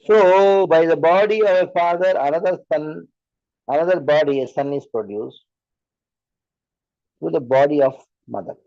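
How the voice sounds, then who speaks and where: A spiritual teacher with an Indian English accent delivers a sermon, hammering his point with repeated rhetorical questions. His voice is a little high, creaky and warm, at normal speed with long pauses, in lo-fi audio with no room sound.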